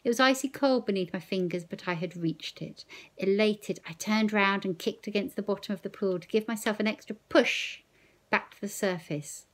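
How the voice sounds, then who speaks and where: A woman teacher reading a novel aloud in first person, slow, measured and expressive. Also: mid-range voice.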